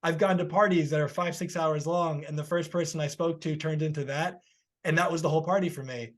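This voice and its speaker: A man's voice: a little high, steady tone, brisk. A man hosting a podcast interview, earnestly telling a story and offering encouragement, who works as a healer himself.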